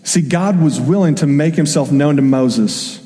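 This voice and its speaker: A man's voice: a little high, unhurried, mellow. A young man preaching a sermon in a loose, conversational way, with casual asides and asked questions. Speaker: pastor. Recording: long hall reverb.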